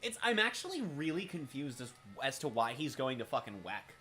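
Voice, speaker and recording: A man streaming a racing management game, talking casually with a raspy, smoker-like voice, swearing and making wry remarks as he thinks aloud. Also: medium pitch, sing-song, brisk, pushed and bright. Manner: profane, wry, thinking aloud while playing. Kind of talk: casual live-stream commentary.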